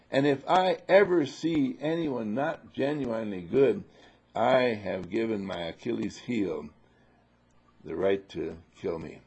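A man giving a spiritual talk to an audience, playful and repetitive, swinging from loud to hushed. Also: mid-range voice, vocal fry, breathy edge, muffled recording. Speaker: spiritual teacher.

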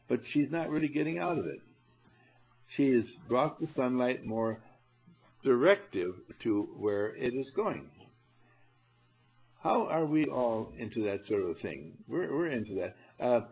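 A husky-voiced man leads a spiritual seminar in an animated, coaxing way. His pitch swings widely as he speaks straight to the people in front of him, and he laughs easily. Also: rough recording. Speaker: seminar leader. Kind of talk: spiritual seminar talk to a group.

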